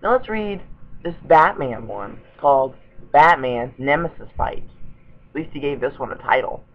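A man's voice: a little high, expressive, moderate pace. Man on a tinny lo-fi recording. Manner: stumbles over misspelled words while reading, sarcastic. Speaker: host reviewing fanfiction. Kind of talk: reading stories aloud with mocking asides.

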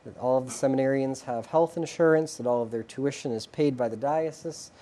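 Male priest guest, mellow warm tone, calm, measured answers. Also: medium pitch. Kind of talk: interview answers.

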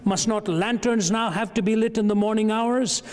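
A man reading as a frantic madman, booming through a hall. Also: steady tone, normal speed, darkish tone, natural voice. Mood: anguished. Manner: declaiming, rising urgent questions. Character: frantic male madman crying out in grief. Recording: long reverb of a large hall.

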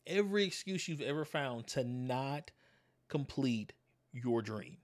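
This motivational video host talks a little slowly in a mid-range voice with lively intonation. Looking into the camera, he addresses viewers directly, asking rhetorical question after question and repeating important words for emphasis.

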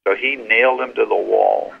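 A man's voice: medium pitch, huge pitch swings, moderate pace, creaky, slightly rough. A man taking part in an informal Bible study discussion, speaking firmly and emphatically. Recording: tinny phone line.

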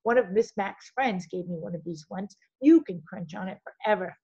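A woman reading a children's novel aloud in an expressive storytelling manner. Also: lowish voice, normal speed, hardly any pauses, husky, lo-fi sound. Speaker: audiobook reader.

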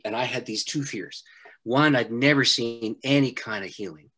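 A middle-aged man, a pastor, telling a personal story in an interview, animated and often laughing. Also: medium pitch, normal speed, husky. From Canada.

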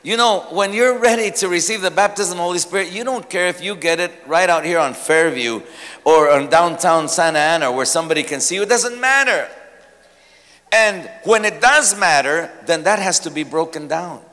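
A male pastor preaching a sermon, telling stories with lively humor. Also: high voice, moderate pace. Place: church sanctuary. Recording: long church hall reverb.

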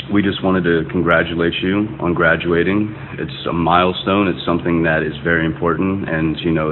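A man recording a heartfelt congratulation video message, earnest and openly emotional. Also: low voice. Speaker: family member sending a congratulation video. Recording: tinny phone-like recording with faint hiss.

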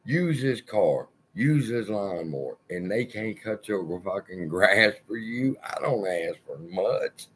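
A man's voice: fairly low pitch, lively intonation, slow, few pauses, a bit bright, breathy edge. A man hosting his own channel, delivering a heated personal rant full of swearing. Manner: profane, heated ranting. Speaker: channel host.

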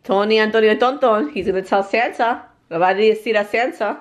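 A woman chatting in a family vlog, excitable and laughing a lot, switching between English and Spanish. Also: medium pitch, a little fast, roomy sound. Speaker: family vlogger. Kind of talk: casual family chat.

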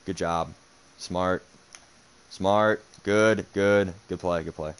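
A man's voice: low-pitched, fairly even intonation, unhurried, smooth. A young man commentating his own football video game match, muttering, sarcastic and swearing in frustration. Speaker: gaming streamer.

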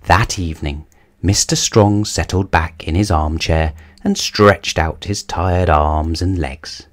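A man's voice: sits low, slow pace. A man reading a children's picture book aloud as a bedtime story, telling it expressively.

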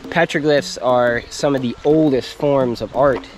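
A man's voice: medium pitch, fairly even intonation, unhurried, poor audio. A man hosting an outdoor vlog by a stream, chatting eagerly and asking curious questions. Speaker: host. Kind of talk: casual outdoor vlog chat. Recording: outdoor talk under loud music. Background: music.

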